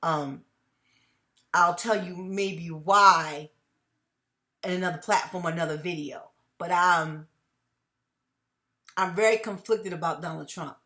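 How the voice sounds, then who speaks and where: A woman's voice: on the low side, takes it slowly, long pauses, sharp tone. A middle-aged woman hosting her own commentary channel, talking to viewers in an emphatic way that repeats phrases and breaks into laughs between points.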